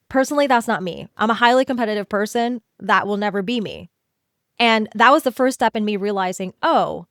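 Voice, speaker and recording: Animated woman podcast host, dry sound. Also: medium pitch, dry recording. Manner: animated, playful, acts out inner voices; swears casually and laughs often. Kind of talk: solo podcast talk.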